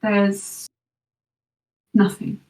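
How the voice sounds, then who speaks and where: A woman narrates a tabletop game as its game master, describing each moment with measured, descriptive detail. She sounds set back from the mic in a roomy, echoing space. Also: darkish tone. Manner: descriptive, measured narration with quick rules talk. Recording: echoey room, voice from far off.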